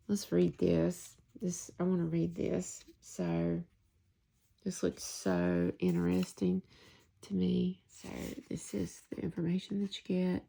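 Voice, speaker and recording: Hushed, gravelly-voiced woman gushing softly. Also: fairly low pitch, animated, slow pace. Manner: hushed, often whispering, gushing over artwork. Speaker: tarot deck reviewer. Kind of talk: soft-spoken tarot deck flip-through.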